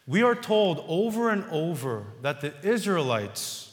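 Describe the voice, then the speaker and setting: A man preaching a sermon as pastor, earnest and repetitive, building to loud emphasis on key words. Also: a little high, big pitch swings, unhurried, big-room sound.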